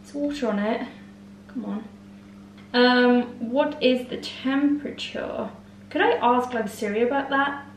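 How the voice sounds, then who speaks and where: A woman's voice: a little high, a little slow, a little hiss or hum. A young Norwegian woman vlogging casually at home, chatty and rambling with giggly asides, speaking English as a second language. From Norway. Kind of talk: casual vlog chat. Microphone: compact camera held or set nearby. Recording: echoey room, somewhat far from the camera.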